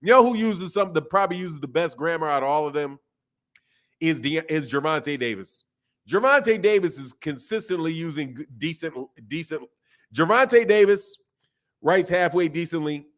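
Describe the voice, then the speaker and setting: A man's voice: a little high, animated, moderate pace, fairly bright tone. A man hosting a boxing livestream, talking loosely and casually in slang with frequent restarts while reading out viewer chats. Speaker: boxing channel host.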